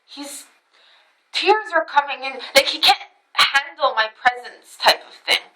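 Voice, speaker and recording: A woman telling a personal story to camera in a casual, animated way, swearing freely and acting out what others said. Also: sits high, a little slow, rough recording.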